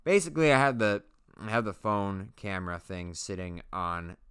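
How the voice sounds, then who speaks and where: This leatherworking channel host chats loosely over his footage, poking fun at himself with joking asides. He speaks at normal speed in a voice on the low side, clear and resonant with a fairly bright tone.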